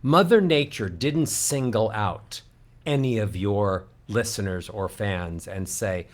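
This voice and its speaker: A man coaching as a vocal coach on a radio show, upbeat and encouraging. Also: slow pace. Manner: sings scales up into a very high head voice. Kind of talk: guest coaching on a radio show, singing warm-up scales.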